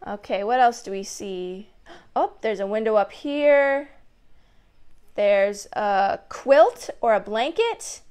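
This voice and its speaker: A woman's voice: mid-range voice, expressive, takes it slowly, a little mellow, clear, resonant tone. A young adult woman hosting a children's story time, reading picture books aloud in an upbeat, chatty way and asking the kids lots of questions.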